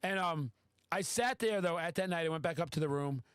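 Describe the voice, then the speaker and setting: A man hosting a podcast, telling a story in casual chat, excitable and swearing freely. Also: a little high, fairly quick, smooth, no room sound. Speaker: podcast host.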